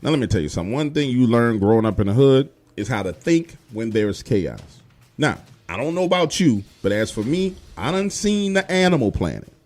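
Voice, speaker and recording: Lively, profane male storyteller. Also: mid-range voice, a little fast. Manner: casual, profane, emphatic. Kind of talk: first-person horror storytelling.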